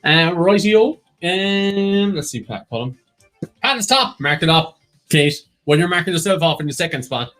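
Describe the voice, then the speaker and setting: A man hosting a quiz on a casual live stream, briskly reading out standings and joking with his co-host. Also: high voice, animated, fairly bright tone, soft background music.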